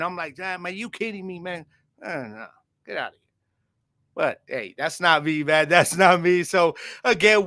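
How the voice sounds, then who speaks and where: An energetic man hosts a live-streamed sports podcast, chatting loosely with his viewers and laughing often. His voice is bright and forceful, pitched a little high. It sounds close and dry on a studio microphone. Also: no room sound. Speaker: podcast host. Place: home studio.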